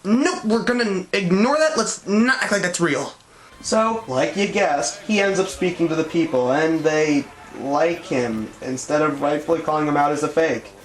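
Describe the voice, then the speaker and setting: A man's voice: a little high, normal speed. A man reviewing a cartoon in sarcastic commentary, with an exasperated, mocking manner. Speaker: show reviewer. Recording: echoey room.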